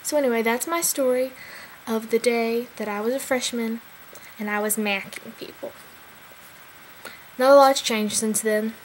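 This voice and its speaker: A woman in her twenties telling a funny personal story in a chatty, animated way with big swings in pitch. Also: moderate pace, pauses often, a little hiss or hum, rough recording. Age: 20s.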